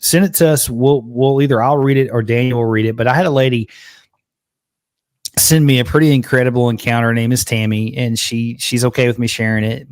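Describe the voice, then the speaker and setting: Male host, easygoing and chatty, middle pitch, dry close recording. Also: no echo. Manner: laid-back, keeps saying "man". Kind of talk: casual chat on a live show.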